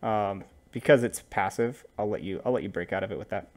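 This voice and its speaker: A man narrating as game master of a tabletop game, relaxed and rambling, with frequent fillers. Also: on the low side, fairly quick.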